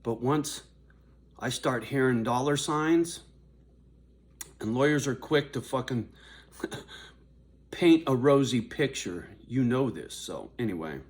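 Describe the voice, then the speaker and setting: A man's voice: expressive, takes it slowly, long pauses. Profane older man ranting to camera. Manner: confrontational, profane, swings from low muttering to raised shouting. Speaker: vlogger addressing his viewers. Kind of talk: angry direct-to-camera rant.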